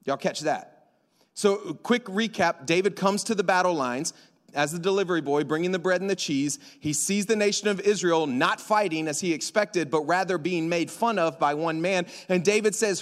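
A man preaching a sermon to a church congregation, animated and joking, acting out dialogue in slang. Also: a little high, normal speed. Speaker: pastor. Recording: long hall reverb.

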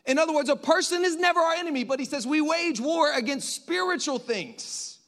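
A man's voice: very high voice, brisk, a bit bright. A man preaching a sermon in a conversational way, joking with the congregation and asking it questions.

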